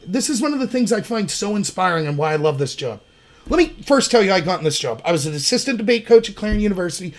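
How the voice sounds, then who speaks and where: A man from Pennsylvania hosting his own livestream, telling stories in a casual, digressive way. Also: high-pitched. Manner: storytelling, chatty, digressive. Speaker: livestream host.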